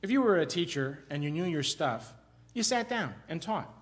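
A middle-aged man from Iowa gives a sermon in a conversational style. His voice sits a little high for a man, and he talks in an animated way, rising and dropping as he stresses points and often restarting his sentences. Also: normal speed. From Iowa, USA. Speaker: pastor.

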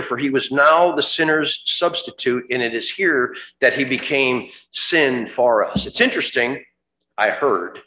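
A man preaching a sermon, dramatic, rising to fervent cries at the high points. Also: bright, forceful tone, reverberant.

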